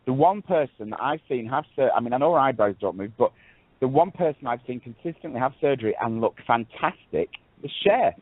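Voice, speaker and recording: A man co-hosting a radio talk show, his speech fast and slightly husky. He rambles and restarts, throwing in a "darling" here and there. The audio is tinny and phone-like, with a dry sound. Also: medium pitch, animated, dry recording. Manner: rambling, self-correcting, fond of "darling". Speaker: co-host. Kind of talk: casual radio chat.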